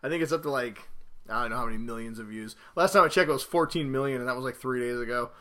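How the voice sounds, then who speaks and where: A man hosting a podcast, chatting casually and telling stories with rising excitement and rambling asides. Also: mid-range voice, quick pace. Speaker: podcast host.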